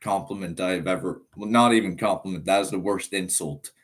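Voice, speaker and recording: A man's voice: low-pitched, a little fast. A nineteen-year-old man from Ireland with an American-sounding accent, chatting casually on a live stream, reading chat aloud and rambling with lots of fillers. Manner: laid-back, rambling, reads chat aloud, frequent laughs and fillers.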